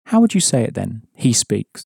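A man's voice: on the low side, sing-song, moderate pace, vocal fry, darkish tone, husky, dry recording, clean studio sound. A man teaching an audio language lesson, patiently explaining rules and prompting the listener.

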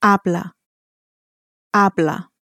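A woman's voice: medium pitch, fairly even intonation, very slow, sharp tone, no room sound, studio quality. A woman in an audio language lesson, modeling each answer by saying it twice. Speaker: native speaker modeling answers.

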